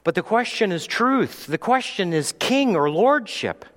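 Dramatic high-voiced male preacher in a reverberant hall. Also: big pitch swings, unhurried. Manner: dramatic, swings between loud preaching and hushed storytelling. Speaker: pastor. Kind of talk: sermon.

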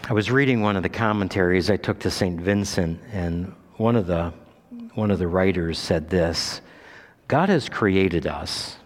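Emphatic man preaching in a reverberant church. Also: moderate pace. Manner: emphatic preaching, climbing high on Scripture quotes. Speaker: pastor. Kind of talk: sermon. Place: church sanctuary.

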